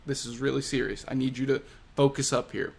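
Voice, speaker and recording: A man voicing a brooding young male fighter who speaks low, hushed and earnest. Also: flat delivery, brisk, vocal fry, breathy edge. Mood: grave.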